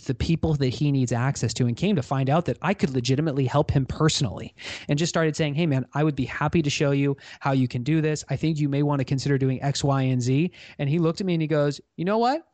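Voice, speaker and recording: A man guesting on a podcast, telling stories in an animated way. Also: medium pitch, dry recording. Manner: animated storyteller. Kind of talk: storytelling in an interview.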